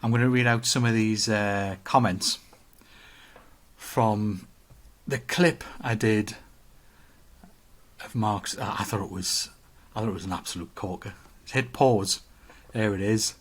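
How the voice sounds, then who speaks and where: A man's voice: fairly low pitch, unhurried. A man, co-hosting a casual podcast chat, joking and reading out viewer comments. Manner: chatty, joking, reads out comments. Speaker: podcast co-host.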